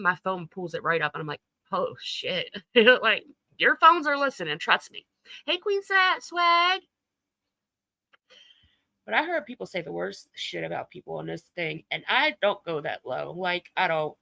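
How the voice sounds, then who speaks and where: A woman's voice: mid-range voice, expressive, normal speed, vocal fry, bright, forceful tone, no echo, poor audio. A woman hosting a casual livestream chat, talking loosely, laughing often and swearing freely. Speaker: livestream host.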